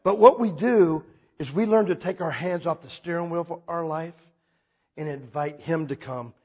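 A man preaching a sermon as a pastor, telling stories with lively acted-out quotes. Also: moderate pace, husky, muffled recording. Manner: animated storytelling, acts out quotes with big pitch jumps.

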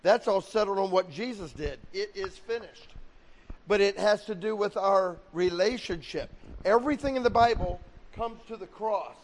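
A man delivering a sermon as pastor, his voice sitting high for a man. He slips into quoted voices as he preaches, and a long reverb rings behind him in a big hall. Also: normal speed. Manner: preaching with acted-out quotes of God and people.

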